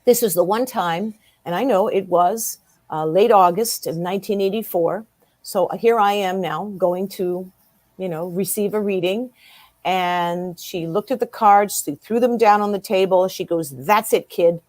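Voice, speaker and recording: Interview guest, woman in her fifties, mid-range voice, lively teller who plays every part in her story, dry recording. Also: medium pitch, unhurried, no echo. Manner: animated storyteller who acts out quoted dialogue.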